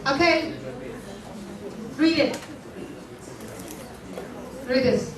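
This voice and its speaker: A woman's voice: sits high, steady tone, a crowd in the background. Woman teaching in an echoey classroom. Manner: explains slowly, checks understanding with repeated questions. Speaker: English teacher. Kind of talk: classroom lesson. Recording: echoey room, voice from far off.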